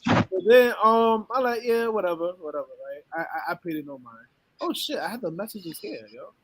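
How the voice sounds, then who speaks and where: A man's voice: high-pitched, sing-song, moderate pace, breathy edge, dry recording. A man hosting a casual podcast, telling a story with many quotes and laughing often. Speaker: podcast host. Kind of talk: casual chat.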